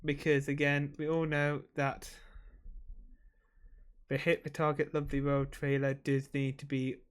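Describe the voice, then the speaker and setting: A man's voice: fairly high pitch, completely flat delivery, measured pace, smooth. A man talking to camera in a casual, rambling vlog, emotional and swearing freely while he drinks. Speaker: vlogger.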